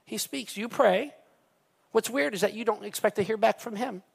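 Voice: medium pitch, normal speed, gravelly, slightly rough. A pastor preaching a sermon in an emphatic way, talking straight to the congregation and repeating phrases for weight.

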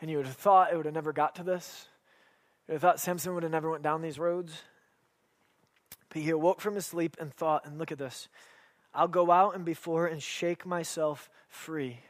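A man's voice: fairly high pitch, fairly even intonation, brisk, long pauses. A man preaching a sermon in an emphatic, conversational manner with humorous asides.

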